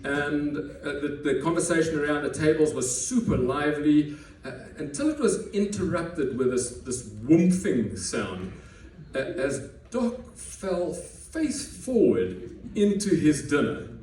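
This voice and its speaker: A man's voice: a little high, big pitch swings, unhurried, a little mellow, slight background noise. A man telling a personal story on stage before a live audience, conversational and self-deprecating, often restarting his words. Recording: echoey room, heard from a distance, faint ambience.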